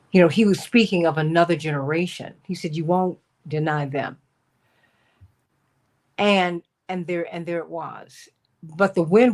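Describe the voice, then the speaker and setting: A woman with a fairly low speaking voice hosts a political talk radio show. She talks conversationally, calls her guests by name and weaves in personal stories. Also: a little mellow.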